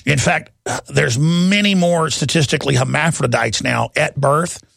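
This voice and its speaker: A man's voice: on the high side, a little slow, gravelly, a bit bright, no echo, studio quality. A man hosting a talk radio show, ranting heatedly from one news item to the next and mocking his critics. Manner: heated, ranting, jumps between news items; mocks opponents in put-on voices.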